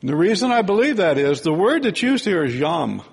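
A man teaching a sermon in a relaxed, conversational way, often checking in with "right?" and "okay?". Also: high voice, fairly quick, gravelly, slightly rough, big-room sound.

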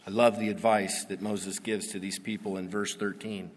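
A pastor giving a sermon, reading Bible verses and explaining them in a conversational way that builds to emphatic peaks. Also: male voice, on the low side, flat delivery, moderate pace. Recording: long reverb of a large hall.

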